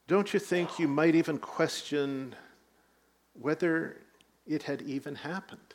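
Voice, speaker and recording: A man's voice: fairly high pitch, a little slow. A man preaching a sermon, telling the story with rising emphasis and light asides. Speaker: pastor.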